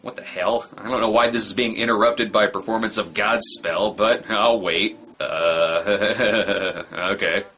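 A man's voice: fairly low pitch, steady tone, measured pace, hardly any pauses, bright, forceful tone, a little hiss or hum. A man giving sarcastic, wisecracking comedic commentary on a movie he is reviewing. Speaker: film review host.

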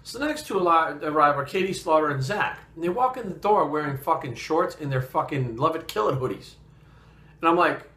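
Fairly high-pitched, animated and brisk, this fitness vlogger from New England speaks in a bright, forceful tone inside an echoey room. His personal story wanders all over the place, and he curses constantly in casual, profane talk.

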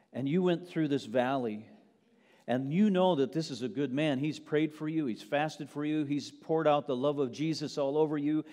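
Man preaching in an echoing church. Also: mid-range voice. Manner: storytelling, drops to a hush then builds to loud preaching. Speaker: pastor. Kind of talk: sermon. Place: church sanctuary. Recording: long hall reverb.

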